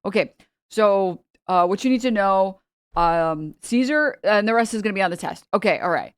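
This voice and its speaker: A woman voicing a flustered high school teacher who rushes through her lesson in a scattered way. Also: animated, clear, resonant tone, no echo, studio quality, close to an everyday voice. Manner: hurried, scattered, cramming the lesson.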